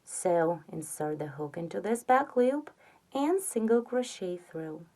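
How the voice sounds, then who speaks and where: A woman giving a step-by-step crochet tutorial, patiently counting stitches aloud and softly trailing off on the counts. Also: fairly low pitch, expressive, a little slow. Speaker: crochet instructor.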